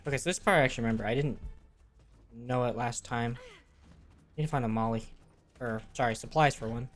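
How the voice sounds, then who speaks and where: A man's voice: mid-range voice, brisk, soft background music. Man muttering through a game. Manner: relaxed, muttering to himself, joking asides. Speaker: streamer playing a game. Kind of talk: casual gameplay commentary.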